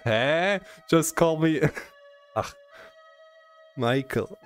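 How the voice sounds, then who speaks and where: A man's voice: fairly high pitch, expressive, takes it slowly, faint music behind. German-accented male streamer, rambling chat. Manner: rambling, teasing, stammering, laughing often. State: strained voice. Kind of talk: casual live-stream chat.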